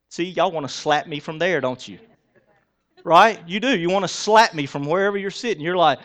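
A male pastor preaching a sermon, conversational, asking the congregation rhetorical questions and swinging between soft and loud for emphasis. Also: on the high side, normal speed.

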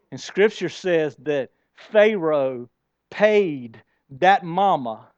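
A man preaching a sermon, telling the story in a conversational way and swinging between hushed and loud, emphatic passages. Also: a little high, expressive, drawn-out words, dry recording, lo-fi sound. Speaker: pastor. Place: church.

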